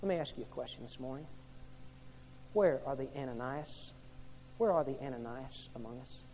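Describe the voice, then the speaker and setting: A man preaching a sermon as pastor, swinging from hushed to loud and repeating his questions to the congregation. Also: medium pitch, lively intonation, moderate pace, slight background noise.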